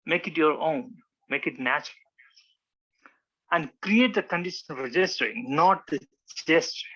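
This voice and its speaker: A man's voice: fairly high pitch, a little slow, pushed and bright, slightly rough, lo-fi sound. A man teaching a public speaking lesson, acting out examples with many restarts. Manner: demonstrative, acts out examples, frequent restarts. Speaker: public speaking club instructor. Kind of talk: informal teaching talk with slides.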